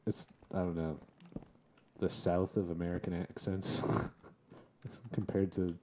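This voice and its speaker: A young man with a low, deep voice talks through his gameplay in a relaxed, rambling way. His tone is dark and mellow, and he often chuckles as he chats to the mobs. A faint hiss sits under the recording. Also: takes it slowly. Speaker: gaming streamer. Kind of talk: casual Let's Play commentary.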